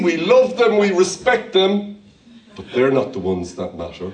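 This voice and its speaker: A man's voice: mid-range voice, big pitch swings, a little slow, a crowd in the background. A man preaching a fervent sermon as pastor, calling out to his congregation. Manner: fervent preaching with call-and-response. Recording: roomy hall, voice from far off.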